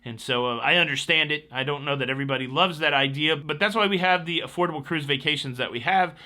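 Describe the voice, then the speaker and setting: A man with a very bright, forceful voice, talking a bit higher than most men. He hosts a casual cruise news show and runs the stories with chatty, joking asides straight into a close mic.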